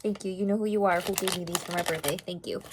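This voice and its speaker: A young woman chatting casually in an unboxing vlog, gasping and gushing excitedly. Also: fairly low pitch, fast, slight background noise. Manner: gushing, gasping, excited over cute toys. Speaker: vlogger.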